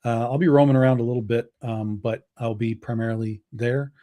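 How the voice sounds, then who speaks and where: A man's voice: medium pitch, fairly quick. A man appearing as a guest on a video-call show, talking casually about his comics company with many fillers. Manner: relaxed, filler-heavy, many restarts. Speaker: comic book publisher guest. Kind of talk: casual chat.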